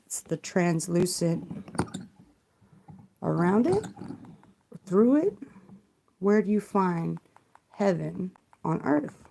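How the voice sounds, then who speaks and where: Lady on a livestream, slow low gravelly voice, rambly questions, kept quiet on a close mic. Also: very animated, a little hiss or hum. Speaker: livestream tarot reader. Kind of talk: soft-spoken livestream musing. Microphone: close mic, kept quiet for live stream.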